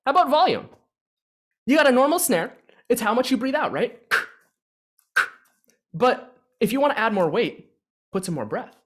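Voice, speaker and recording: A man leading a beatboxing workshop in a casual, energetic teaching style, full of fillers and restarts, speaking into his own microphone. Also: very high-pitched, moderate pace, pauses often. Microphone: own microphone with adjustable gain.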